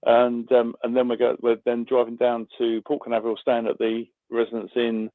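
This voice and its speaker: A man's voice: mid-range voice, completely flat delivery, brisk, no echo. A British man rambles cheerfully through a long call-in, full of ums and restarts. He sounds tinny, coming through a phone line. The sound is dry and close, with no room around it. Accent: British English. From England. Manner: chatty, rambling with many fillers. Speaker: caller.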